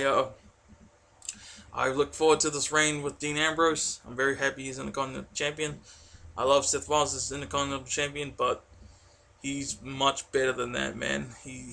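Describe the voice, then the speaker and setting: A man giving an excitable, rambling spoken review, full of fillers and restarts. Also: medium pitch, gravelly. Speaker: wrestling reviewer.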